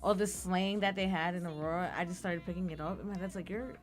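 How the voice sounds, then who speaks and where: A woman's voice: on the low side, steady tone, fast, soft background music. A young woman from North Carolina, a guest on a radio date show, chatting in a shy, giggly way. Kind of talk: casual chat. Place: college radio studio.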